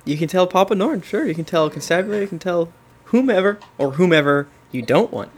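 A man narrating as game master of a tabletop role-play, relaxed and joking. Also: high voice, a little fast, slightly rough.

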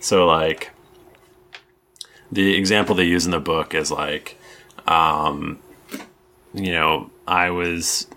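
A man serving as game master explains the rules of a tabletop game, rambling and restarting often with plenty of ums. His voice is deep and steady with a sharp tone, and he talks slowly, pausing often.

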